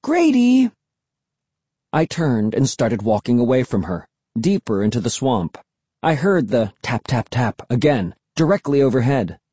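A man reading a children's story aloud in first person, expressive and animated, on a close studio mic. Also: mid-range voice, slightly rough, no room sound. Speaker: audiobook narrator. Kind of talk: scripted first-person narration.

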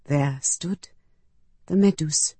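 A woman's voice: sits low, slow pace, dark tone, slightly rough, no room sound. A woman narrating a story in the first person, with intimate, emotional delivery and acted dialogue. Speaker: audiobook narrator.

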